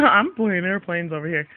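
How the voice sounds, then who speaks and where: A woman's voice: fairly low pitch, sing-song, takes it slowly, dry recording, phone-quality sound. A young woman, a mother filming her baby at home, chatting casually with playful, giggly, teasing baby talk. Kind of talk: casual home video chat.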